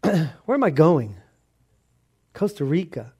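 Guy giving a sermon, acts out the conversations, kinda higher voice. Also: normal speed. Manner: animated storytelling, acts out dialogue. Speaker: pastor.

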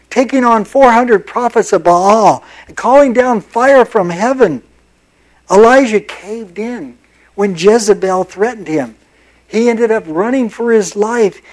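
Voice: medium pitch, darkish tone, low-quality recording. Emphatic preacher teaching scripture. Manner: emphatic, repeats key phrases, dramatizes biblical quotes. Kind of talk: expository sermon on scripture.

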